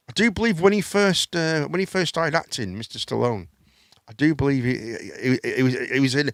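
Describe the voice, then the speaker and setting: A man's voice: medium pitch, a bit bright, no echo, clean studio sound. A middle-aged man hosting a live chat show, rambling with stammering restarts and casual swearing.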